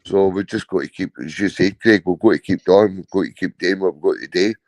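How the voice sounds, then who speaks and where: Man, Scottish accent, very low voice, hesitant, video call. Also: fairly quick, a little mellow, no room sound, rough recording. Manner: hesitant, many fillers. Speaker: guest. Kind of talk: live stream discussion.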